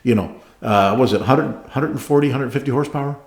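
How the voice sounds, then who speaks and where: A man with a mid-range voice tells a racing story in a lively, casual way. He keeps asking "right?", acts out the other voices and laughs between the lines. The sound is roomy, with a clear echo off the walls. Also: mid-range voice, fast. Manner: animated, acts out radio calls, laughs often, says "right?". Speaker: podcast co-host telling a racing story. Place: garage studio.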